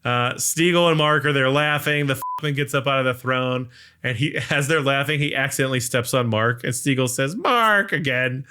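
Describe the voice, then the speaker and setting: A man talks through a film plot on a podcast, stringing events together with lots of "like" and fillers. His voice is bright and smooth, and he slips into brief acted-out lines as he goes. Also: mid-range voice, steady tone, moderate pace. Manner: rambling recap full of "like" and fillers, acting out lines. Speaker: podcast co-host recapping a film. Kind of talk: casual chat.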